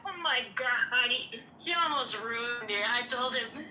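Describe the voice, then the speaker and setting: A woman's voice: a little high, moderate pace. A woman in casual chat, telling a story and acting out the quotes. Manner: animated storyteller, acts out quotes. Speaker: participant in a social audio chat room. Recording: echoey room with faint noise.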